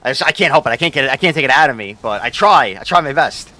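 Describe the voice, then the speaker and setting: A man's voice: medium pitch, animated, rapid-fire, sharp tone. A young man, a game streamer rambling casually and profanely while he answers his chat.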